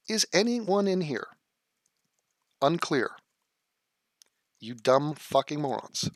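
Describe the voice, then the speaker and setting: A man's voice: on the high side, very animated, normal speed, long pauses, a bit bright, no echo, clean studio sound. A man answering viewer comments in a vlog, sarcastic, profane and exasperated.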